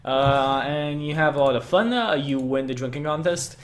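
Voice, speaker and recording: A man acting as game master, giving brisk rulings and quick explanations of the rules. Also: fairly high pitch. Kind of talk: running a tabletop game.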